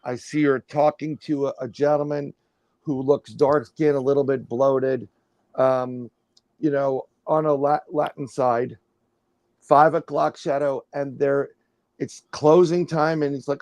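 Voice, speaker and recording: Speaking a little slowly in a mid-range voice, a middle-aged paranormal researcher guests on a livestream and casually spins a rambling, animated story. He keeps restarting and acts out others' words, and the audio has no echo.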